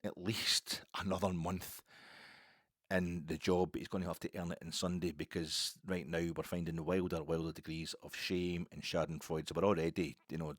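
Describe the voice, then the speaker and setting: A Scottish man delivering a football opinion monologue, ranting passionately and swinging from low, musing stretches to high outbursts. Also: fairly bright tone, husky, no echo, clean studio sound. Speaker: football podcaster.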